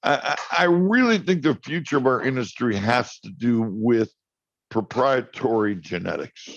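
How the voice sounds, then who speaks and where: A man talking casually on a talk show, spinning an animated story and stumbling over his first words. His voice sits at a middle pitch. The sound is dry and a little dull. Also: normal speed, dry recording. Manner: storytelling, animated, repeats words when starting. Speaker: guest, cannabis grower.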